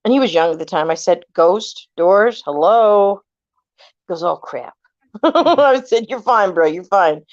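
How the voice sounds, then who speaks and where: A woman's voice: on the low side, normal speed, dry recording. A woman in her forties from California, casually telling family ghost stories and acting out what people said. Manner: animated, acts out quoted voices, swears casually. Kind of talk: casual storytelling chat. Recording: dull lo-fi recording.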